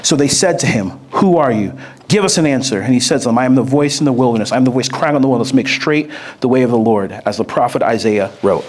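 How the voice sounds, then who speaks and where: A man preaching a sermon, moving between steady scripture reading and lively, excited retelling. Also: mid-range voice, fast. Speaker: pastor.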